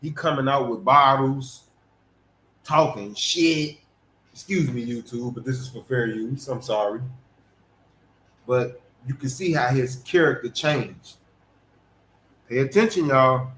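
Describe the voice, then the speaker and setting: A man co-hosting, giving relaxed casual commentary and chiming in. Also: medium pitch, slow pace, long pauses. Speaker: co-host. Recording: echoey room, faint noise.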